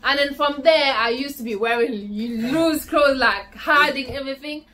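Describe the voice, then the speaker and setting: A young woman telling her own story in a casual vlog, acting out the voices of the people she quotes, swinging from loud outbursts to hushed asides. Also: sits high, normal speed. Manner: frequent fillers and restarts, swinging from loud to hushed. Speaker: vlogger.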